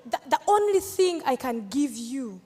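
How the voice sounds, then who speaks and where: High-voiced Ugandan woman, playful on stage. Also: sing-song, measured pace, warm tone, big-room sound. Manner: playful, teasing, laughs often. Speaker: comedian answering audience questions. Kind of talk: live Q&A on stage.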